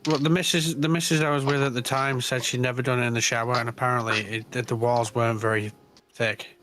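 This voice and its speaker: Man, 40s, casual banter, bawdy storyteller, medium pitch, laughs a lot. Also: level tone, fast talker, a bit bright, a little hiss or hum.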